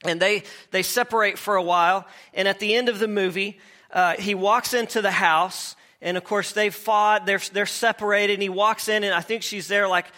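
A man's voice: sits high, fairly even intonation, normal speed, bright, forceful tone. A man preaching a sermon in a conversational way, repeating words as he goes and asking the congregation questions. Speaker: pastor.

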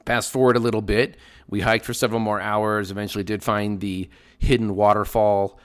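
A man with a fairly low voice narrates a podcast story in a measured, scripted way. His delivery is dry and wry, with the jokes tucked in without fuss. He sounds middle-aged. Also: level tone, clean tone. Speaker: podcast host.

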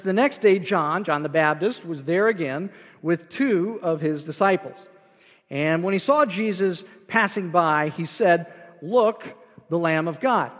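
A man's voice: a little high, long reverb tail. A man preaching a sermon as pastor, explaining scripture line by line with frequent restarts.

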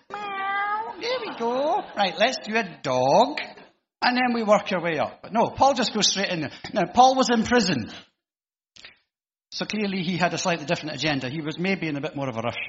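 A man's voice: sits high, slight background noise. A middle-aged man giving an informal sermon in church, chatty and self-deprecating, with frequent ums and restarts. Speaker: preacher. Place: church hall. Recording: echoey hall, slightly dull sound.

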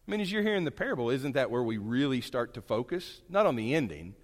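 Male pastor, conversational sermon storyteller, lively delivery, roomy reverberant hall. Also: mid-range voice, quick pace. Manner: conversational, animated storytelling with asides.

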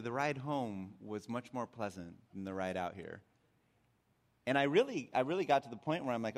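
A man's voice: mid-range voice, normal speed. Middle-aged man preaching a sermon. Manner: conversational storytelling, animated when recounting frustration. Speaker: pastor.

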